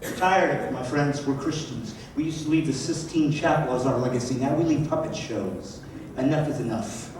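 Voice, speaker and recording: A man's voice: medium pitch, fairly quick, a little mellow. A man, a comedian, giving a punchy stand-up speech at a banquet with sarcastic asides. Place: large banquet hall. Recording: distant, echoey hall with crowd. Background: audience laughter and room noise.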